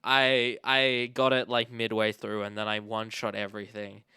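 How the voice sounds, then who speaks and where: A young man from Australia hosting a casual podcast chat, rambling and animated, with the odd swear. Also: fairly low pitch, normal speed, clean tone, dry recording. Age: young adult. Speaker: podcast host.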